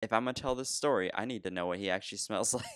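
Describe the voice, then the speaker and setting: A man spins a long anecdote in relaxed chat, laughing as he goes and circling back with restarts. His voice sits low and smooth. The sound is close and dry, with no room around it. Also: very fast, no room sound. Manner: animated, laughs often, trailing restarts. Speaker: podcast co-host telling a story. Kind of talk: casual storytelling chat.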